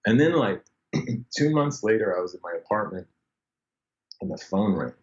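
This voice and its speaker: A man, a bass player, telling stories as a podcast guest, animated and full of fillers, acting out the people he quotes. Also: moderate pace. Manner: animated, acts out quoted voices, many fillers. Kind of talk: casual storytelling interview. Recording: dull lo-fi sound.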